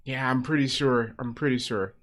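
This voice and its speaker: A man's voice: mid-range voice, steady tone, normal speed, a bit bright. A man co-hosting a podcast, chatting casually and trailing off while he searches for a thought. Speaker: podcast co-host. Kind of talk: casual chat.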